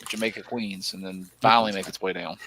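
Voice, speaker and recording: A man's voice: low voice, fairly even intonation, fast, a bit bright, slight background noise, rough recording. A man hosting a casual group chat about collectibles, teasing and joking with the others. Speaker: podcast host.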